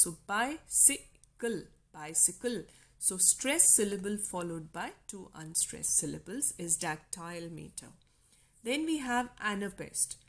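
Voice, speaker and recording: A woman with an Indian English accent giving a recorded literature lecture, slowly sounding out stressed and unstressed syllables. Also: medium pitch. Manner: slow, deliberate, stresses syllables aloud.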